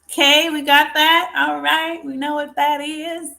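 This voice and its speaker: A woman's voice: high voice, level tone, measured pace, vocal fry, sharp tone. A woman hosting a casual live stream, talking straight to her viewers and calling them folks. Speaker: livestream host.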